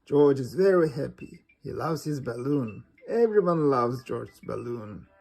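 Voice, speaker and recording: A man reading a children's storybook aloud in a slow, gentle way. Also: medium pitch, expressive, vocal fry, soft background music. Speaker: storybook reader.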